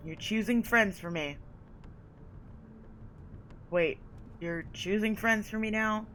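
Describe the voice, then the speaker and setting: A woman's voice: mid-range voice, takes it slowly, a bit bright, a little hiss or hum, rough recording. A woman voicing a sarcastic, defiant young male fledgling vampire in a story game.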